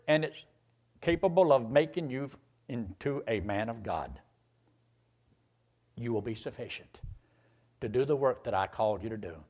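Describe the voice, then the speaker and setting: An older man preaching a sermon, climbing to loud emphatic peaks and then dropping low and quiet. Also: big pitch swings, unhurried, long pauses.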